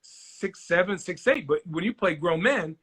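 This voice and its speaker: Husky man telling lively stories. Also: sits high, a little slow. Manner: animated storyteller, acts out quoted voices. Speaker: guest, former basketball player. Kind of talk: casual interview storytelling.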